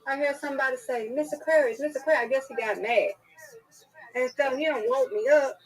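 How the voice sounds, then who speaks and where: High-voiced woman telling a story on a call. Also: moderate pace, low-quality recording. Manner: lively storyteller, colloquial. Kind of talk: casual chat.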